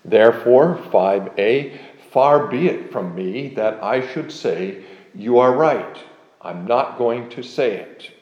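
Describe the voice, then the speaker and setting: A man giving an expository Bible lecture, explaining verses with measured, emphatic readings of scripture. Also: medium pitch, animated, echoey room, muffled recording. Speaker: Bible teacher.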